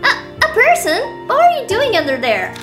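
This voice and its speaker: A woman voicing a jumpy, easily frightened teenager in a high, shrill, excitable voice. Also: moderate pace, reverberant, over music, full character voice. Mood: startled.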